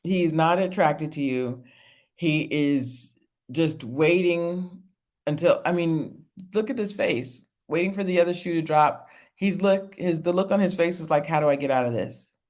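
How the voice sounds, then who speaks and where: A woman's voice: fairly low pitch, a little slow, a little mellow. A woman hosting a casual reality TV review stream. She laughs often, repeats herself for emphasis and answers viewer comments as she talks. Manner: emphatic, repeats phrases for effect.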